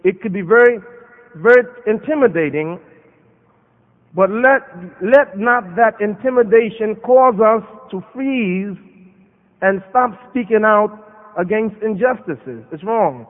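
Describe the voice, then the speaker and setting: A man's voice: high voice, lively intonation, measured pace. An American man giving an impassioned sermon at a Muslim conference, quoting Arabic verses. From United States. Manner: impassioned preaching with Arabic quotations. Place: large conference hall. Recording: phone-like sound with long hall reverb.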